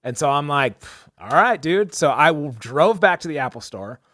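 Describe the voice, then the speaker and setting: A man's voice: a little high, very animated, moderate pace, fairly bright tone, dry recording, clean studio sound. A young man co-hosting a podcast, telling a story casually and animatedly, acting out the people he quotes, with lots of "like" and "dude". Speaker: podcast co-host.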